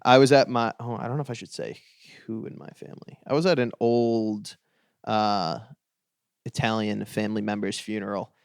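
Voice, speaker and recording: A man's voice: fairly low pitch, level tone, normal speed, vocal fry, clear, resonant tone, no echo, studio quality. A man guesting on a comedy podcast, telling stories bluntly and swearing freely. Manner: storytelling, blunt, profane. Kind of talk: casual comedy podcast chat.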